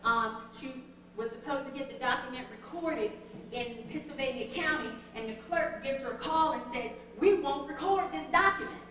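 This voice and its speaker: A woman telling a story to a group in an animated, emphatic way, often laughing. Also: high voice, normal speed, a little hiss or hum. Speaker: speaker addressing a group. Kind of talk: storytelling talk. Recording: echoey hall from a distant mic.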